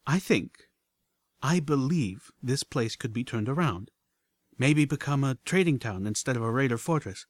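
A man voicing a determined, troubled young female unicorn pony who speaks quietly and insistently. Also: medium pitch, lively intonation, moderate pace, no echo, lightly acted. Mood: measured.

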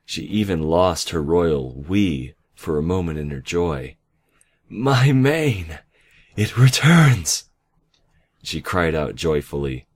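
A man narrating a fan fiction story, reading in a slow, measured way with small slips. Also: rumbling low.

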